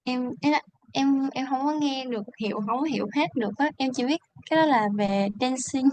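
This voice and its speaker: A woman student with a Vietnamese accent answering hesitantly, pausing often with "uh". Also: sits high, darkish tone, no echo, rough recording. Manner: hesitant, halting, many "uh" fillers.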